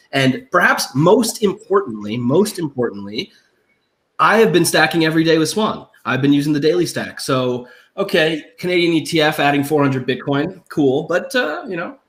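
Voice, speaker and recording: A young man hosting a live online talk show with a desktop microphone, joking and rambling in a self-mocking way. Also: mid-range voice. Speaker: host.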